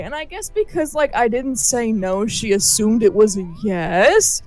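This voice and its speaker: Young woman gamer, kinda high voice, swears a ton while telling stories, little game music behind. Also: unhurried, hardly any pauses, no room sound. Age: 20s. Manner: profane, animated, acts out quoted voices. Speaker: gaming channel co-host. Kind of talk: casual storytelling chat.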